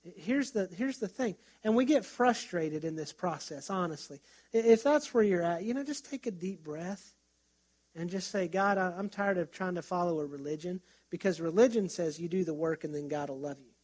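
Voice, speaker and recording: Guy pastor w a high voice, chatty storytelling sermon, lots of little restarts. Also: expressive, normal speed, a little mellow. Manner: conversational, storytelling with self-restarts.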